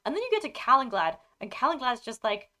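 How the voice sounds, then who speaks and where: A woman's voice: on the high side, big pitch swings, fast talker, sharp tone. Rambling English streamer woman. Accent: British, received pronunciation. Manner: scattered, rambling, self-interrupting, laughing often. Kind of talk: casual chat with live viewers.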